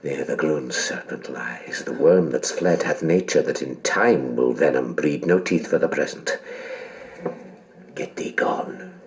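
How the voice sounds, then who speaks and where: A man's voice: a bass voice, sing-song, measured pace, vocal fry, heavily acted. An actor playing Macbeth, a guilt-haunted king, speaking Shakespearean verse that breaks into terrified outbursts in an audio drama. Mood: brooding. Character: guilt-haunted Scottish king, man, middle-aged. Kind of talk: audio drama recording of a stage play.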